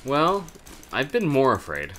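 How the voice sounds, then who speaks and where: A man's voice: mid-range voice, wildly swooping pitch, measured pace, a bit bright, slight background noise. A man making dry, wry remarks while his friends play a game. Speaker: co-host. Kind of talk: casual gameplay banter.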